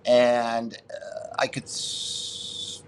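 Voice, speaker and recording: A little hiss or hum sits under this man's medium-pitched voice, delivered completely flat with drawn-out words. He's a podcast guest in his sixties from Boston, telling a rambling, profanity-heavy story with frequent restarts in a casual interview.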